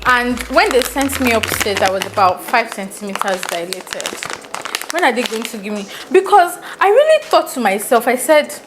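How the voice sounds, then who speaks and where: A woman telling a story in an animated, laughing way while cooking in her home kitchen. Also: on the high side, normal speed, background noise. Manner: animated, laughing, mixes in slang. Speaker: vlogger. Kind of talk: storytelling vlog. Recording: kitchen with loud frying sizzle.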